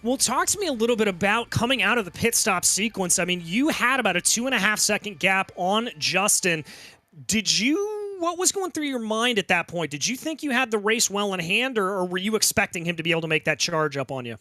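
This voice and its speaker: High-voiced man calling a race. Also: animated, bright, forceful tone, dry recording. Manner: rapid results rundown, interviewing drivers. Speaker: race commentator. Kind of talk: play-by-play sim racing commentary. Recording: music bed under the voice.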